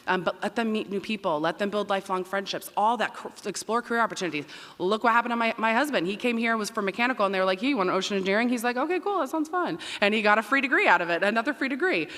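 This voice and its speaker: A loud, energetic woman dean speaks quickly from a stage microphone. Her voice is bright and forceful, and it rings out with a long reverb across a big auditorium. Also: mid-range voice. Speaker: dean of students. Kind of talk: welcome speech to families. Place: large performing arts auditorium.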